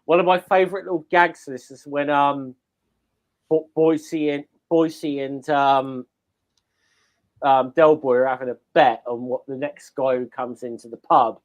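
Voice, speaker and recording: A man's voice: mid-range voice, steady tone, unhurried. A man co-hosting a casual podcast chat, telling rambling anecdotes and repeating words as he gathers his thoughts. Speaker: podcast co-host.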